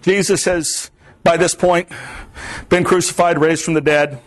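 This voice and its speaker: A man's voice: on the high side, steady tone, unhurried. A man from Florida preaching a sermon in an earnest, repetitive cadence.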